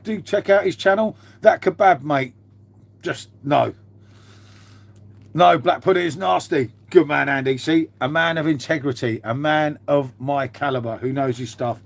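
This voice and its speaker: A man's voice: on the high side, measured pace, vocal fry. A man chatting casually on a live stream from a half-converted garage at home, rambling, swearing now and then and calling everyone mate. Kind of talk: casual live-stream chat reading viewer comments.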